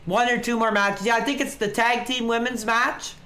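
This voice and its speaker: A man's voice: very high voice, fairly even intonation, moderate pace, pushed and bright. Laid-back man streaming wrestling commentary. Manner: laid-back, chatty, reacting to the action. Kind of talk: casual live watch-along commentary. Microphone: webcam.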